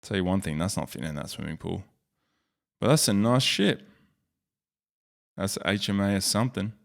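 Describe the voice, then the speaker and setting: Australian male vlogger, low voice, jokey, self-mocking, off-the-cuff commentary. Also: lively intonation, normal speed, gravelly. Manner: joking, rambling, self-mocking. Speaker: YouTube host. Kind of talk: casual screen-share commentary.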